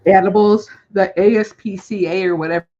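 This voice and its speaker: A woman's voice: medium pitch, fairly even intonation, fairly quick. A woman chatting casually on a crafting livestream in an easygoing, agreeable way. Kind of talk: casual chat. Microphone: video call. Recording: dull, slightly noisy call audio.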